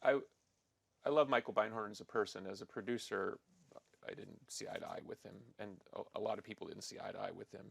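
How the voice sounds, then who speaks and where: A podcast host with a heavy, gravelly fry in a fairly low voice. He asks questions carefully and hesitantly. The sound is close and dry. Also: fast, dry recording. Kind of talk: interview.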